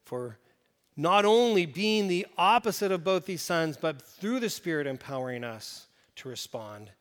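High-pitched, lively preaching man. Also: normal speed, clean tone, in a large hall. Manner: animated preaching with emphatic rises and hushed drops. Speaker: pastor. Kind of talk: sermon.

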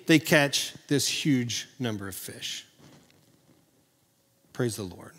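A man from Oklahoma preaching a sermon as pastor, earnest and animated, often restarting his sentences. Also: a little high, big-room sound. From Oklahoma, USA.

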